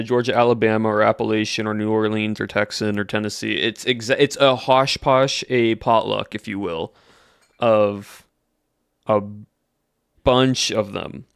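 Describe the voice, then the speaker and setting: A man's voice: on the low side, clean tone, no echo, clean studio sound. A young man chatting casually to his livestream audience, rambling and restarting his sentences. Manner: rambling, self-correcting restarts. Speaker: streamer.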